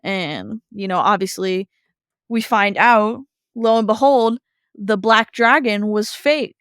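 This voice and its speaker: This woman co-hosts a podcast and recaps a cartoon episode conversationally, animatedly telling the story and briefly playing out characters' lines. Her medium-pitched voice is smooth and slow, recorded at studio quality with no room sound.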